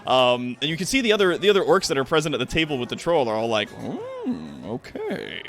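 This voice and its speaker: A man's voice: a little high, expressive, rapid-fire, fairly bright tone. A man narrating as game master in a tabletop game, rambling with many fillers and restarts.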